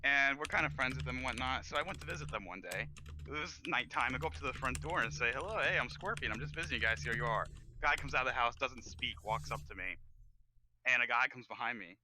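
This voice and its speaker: A man with a strikingly bright, sharp voice tells stories as a guest on a casual livestream chat. He talks in an animated way and swears casually. A faint noise sits behind his voice. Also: mid-range voice, fast talker. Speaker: community member guest.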